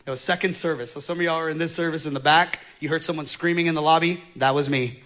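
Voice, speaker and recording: A male pastor telling a story in a sermon, going from quiet storytelling to loud, excited preaching. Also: on the high side, fast talker, slight background noise.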